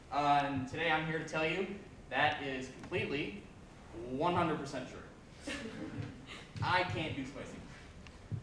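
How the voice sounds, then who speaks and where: A young man, a student comic, performing a loud and emphatic open-mic stand-up set in a campus lecture hall, with many "uh" fillers. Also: medium pitch. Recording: roomy hall, distant mic, faint noise.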